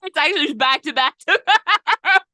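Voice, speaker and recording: A woman co-hosting a music podcast in casual chat, animated, laughing often and swearing freely. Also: sits high, moderate pace, dry recording, studio quality. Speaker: podcast co-host.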